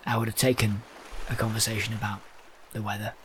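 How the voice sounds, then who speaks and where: A man playing his character in a tabletop game, measured and wry. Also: lowish voice, flat delivery, fairly bright tone, slight background noise. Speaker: player. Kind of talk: in-character tabletop role-play.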